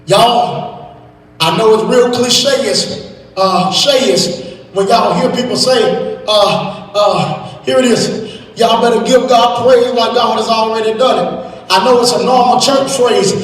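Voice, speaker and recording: High-pitched preacher shouting in echoing hall. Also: male voice. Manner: preaching with shouted, sung climaxes and drawn-out words. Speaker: pastor. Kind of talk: sermon. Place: church sanctuary. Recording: echoey church hall from far off.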